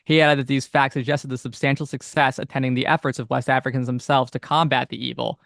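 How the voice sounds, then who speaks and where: A man's voice: medium pitch, level tone, quick pace, creaky, fairly bright tone, no echo, clean studio sound. A man co-hosting a podcast, reading old passages aloud steadily between casual, filler-heavy chat. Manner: reads old text steadily, chats with many fillers. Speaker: podcast co-host.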